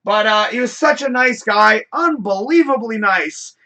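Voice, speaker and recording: High, bright-voiced man telling a rambling story. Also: unhurried, gravelly. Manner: rambling, animated, swears freely. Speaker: show host. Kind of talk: casual storytelling on a live show.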